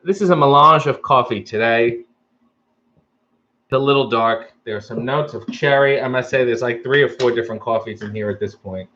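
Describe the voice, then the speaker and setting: A man's voice: mid-range voice, normal speed, pushed and bright, highs cut off. A man hosting a casual live stream, reading out viewer comments and answering them with wry, joking asides.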